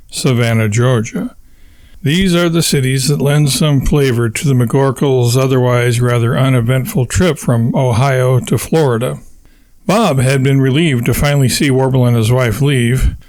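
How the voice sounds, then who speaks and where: A man's voice: mid-range voice, darkish tone, dry recording. Man narrating an audiobook, dry close sound. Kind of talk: scripted narration.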